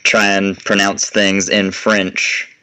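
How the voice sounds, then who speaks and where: A man's voice: low-pitched, flat delivery, slow pace, pushed and bright, rough recording. A man with a Texan accent co-hosting a podcast in casual chat, wry and self-mocking. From Texas. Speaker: podcast co-host.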